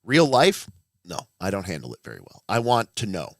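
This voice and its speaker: Man, thirties, low-pitched, rambling livestream host, blunt and profane, dry close sound. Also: wildly swooping pitch, brisk, fairly bright tone, no room sound. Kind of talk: casual livestream chat.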